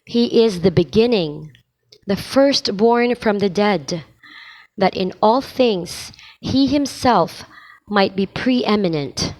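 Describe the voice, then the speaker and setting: Woman lector, mid-pitched voice, unhurried and deliberate delivery, coaching scripture reading. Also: expressive, darkish tone, low-quality recording. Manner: measured, deliberate, pausing between phrases. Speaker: lector practice host. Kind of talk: slow liturgical reading practice.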